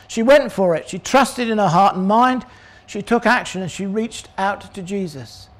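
An older man preaching a sermon, animated, acting out the voices of people in the story. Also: sits high, normal speed. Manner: animated, acts out voices of crowd and characters.

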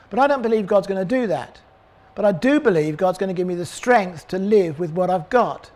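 An older man preaching a sermon, animated, acting out the voices of people in the story. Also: sits high, fairly quick. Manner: animated, acts out voices of crowd and characters.

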